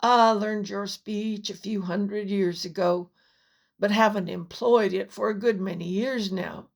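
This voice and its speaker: A woman voicing a wise, lonely old male dragon who speaks softly and soberly, in a storybook reading. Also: medium pitch, fairly even intonation, vocal fry. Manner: sober, soft and measured.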